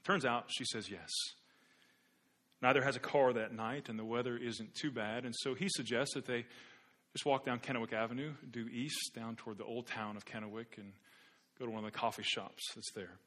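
A man's voice: medium pitch, fairly even intonation, normal speed, a bit bright. A man preaching a sermon as a pastor, telling an illustrative story in an earnest way with occasional repeated words.

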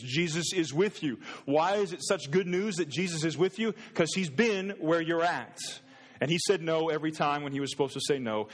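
A man preaching a sermon as a pastor, earnest and conversational, often restarting his words. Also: on the high side. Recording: long reverb in a hall.

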